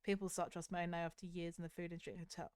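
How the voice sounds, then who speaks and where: A young woman from the south of the UK with a Southern English accent, chatting openly with her stream viewers in a soft, candid, self-critical way with hesitant restarts. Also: on the low side, little pitch movement, fast talker, clean tone, no echo, clean studio sound. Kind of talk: casual chat with stream viewers.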